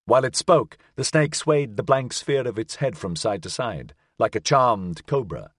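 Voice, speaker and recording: Brief: male audiobook narrator, very expressive pitch, dry studio sound. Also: moderate pace, few pauses, no room sound. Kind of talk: scripted narration.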